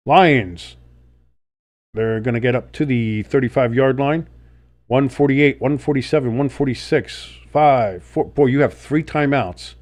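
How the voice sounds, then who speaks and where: A man's voice: medium pitch, unhurried, darkish tone. A man with a sick, sniffly voice doing play-by-play commentary and reactions, blunt and swearing freely, jumping up on big plays. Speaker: sports streamer.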